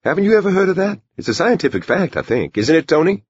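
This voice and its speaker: A man's voice: fairly high pitch, very animated, fast talker, husky, no room sound, voice pushed up. A man voicing a chatty, curious young waitress with an eager, questioning manner. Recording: dull lo-fi recording.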